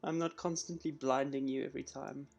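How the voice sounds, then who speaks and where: A man streaming a live coding session, chatting casually and thinking out loud as he works. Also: mid-range voice, fairly even intonation, brisk, creaky, dull audio, faint music behind.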